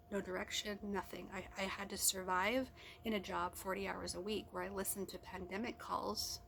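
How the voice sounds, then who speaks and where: A woman's voice: mid-range voice, gravelly, slight background noise. A middle-aged woman rambling in a casual personal vlog, talking to herself with restarts. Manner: rambling, self-talk with restarts. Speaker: vlogger. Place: car or at home.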